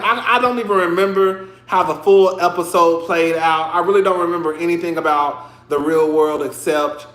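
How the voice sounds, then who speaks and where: High-voiced man rambling in an echoey room. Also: a bit bright. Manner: rambling, full of "like" and restarts. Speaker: podcast host. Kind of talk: casual commentary chat.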